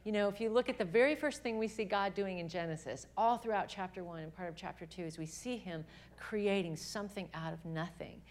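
Fairly quick and medium in pitch, a young adult woman's voice carries an earnest, lively faith talk to a live audience of women at a gathering. She keeps restarting her sentences as she goes.

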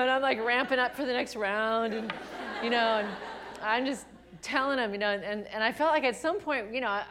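A woman, a Christian singer-songwriter, speaking to women in a chatty, animated testimony talk full of fillers and self-deprecating humor. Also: on the high side, slight background noise.

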